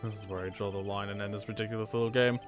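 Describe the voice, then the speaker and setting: A man's voice: lowish voice, steady tone, racing, soft background music, close to an everyday voice. A man voicing a cold, haughty male prosecutor in stern, clipped, condescending game dialogue. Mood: scornful. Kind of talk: game dialogue read-along.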